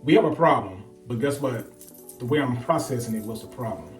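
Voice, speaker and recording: Earnest man in his 30s, halting delivery, sits back from the mic in an echoey room. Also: mid-range voice, animated, distant mic, soft background music. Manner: halting, repeats words, earnest. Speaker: co-host, husband. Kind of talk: casual storytelling chat.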